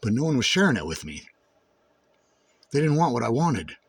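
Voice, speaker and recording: Husky, intense man in a swearing monologue. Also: big pitch swings, normal speed. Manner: intense, swearing, swings from low brooding to shouting. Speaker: vlogger. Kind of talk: raw personal monologue.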